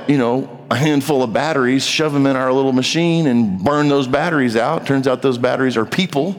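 A man's voice: mid-range voice, in a large hall. A man preaching, reading scripture aloud and explaining it in a plain, conversational way. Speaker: pastor. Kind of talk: sermon.

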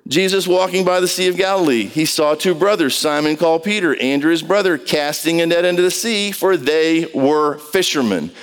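A man's voice: a little high, expressive, normal speed, hardly any pauses, clean tone. A man preaching a conversational sermon, telling stories and quizzing his congregation in a large church. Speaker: pastor. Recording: long reverb of a large hall.

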